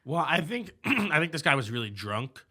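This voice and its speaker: A man's voice: a little high, sing-song, normal speed, bright, forceful tone, slightly rough. A man co-hosting a podcast, talking casually and laying out his opinions firmly. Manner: emphatic, lays out opinions firmly. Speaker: podcast co-host. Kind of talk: casual chat.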